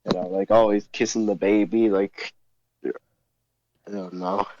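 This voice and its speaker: A man's voice: lowish voice, level tone, unhurried, darkish tone, dull audio, slight background noise. A man co-hosting a casual podcast, mostly answering with short reactions and questions. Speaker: podcast co-host. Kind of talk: casual chat.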